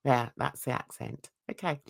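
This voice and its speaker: A woman's voice: very deep voice, normal speed, creaky. A woman with a London accent gives chatty, giggly casual commentary while reading news aloud to her viewers. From London, England. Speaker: YouTube channel host.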